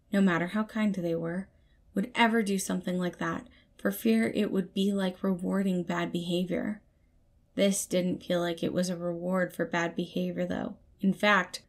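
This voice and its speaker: A woman narrating fan fiction as an audiobook in an even, measured way. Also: on the low side. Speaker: podfic reader.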